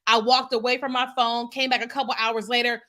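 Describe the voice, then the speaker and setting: A woman's voice: a little high, level tone, fairly quick, bright, forceful tone. A woman business coach chatting casually with viewers on a livestream, often asking "you know what I mean?". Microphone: computer mic on a streaming setup.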